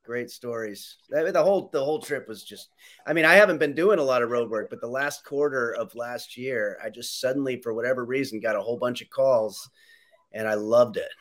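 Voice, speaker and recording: A man's voice: mid-range voice, a little fast, a bit bright. A man hosting a casual chat, rambling and self-mocking, often laughing.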